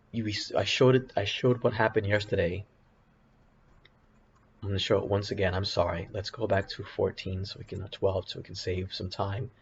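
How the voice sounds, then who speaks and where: A man with a lowish voice hosts a casual trading walkthrough, rambling and backtracking between points. The recording is muffled and lo-fi, with a faint hiss behind him. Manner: rambling, self-correcting, apologetic asides. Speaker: options trading video host. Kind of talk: casual screen-share commentary. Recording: dull lo-fi sound with faint background hiss.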